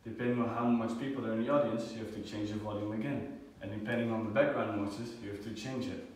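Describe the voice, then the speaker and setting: A young man giving a student class presentation, halting often with fillers and restarts. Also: fairly low pitch, fairly even intonation, a little mellow. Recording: echoey room, far from the mic.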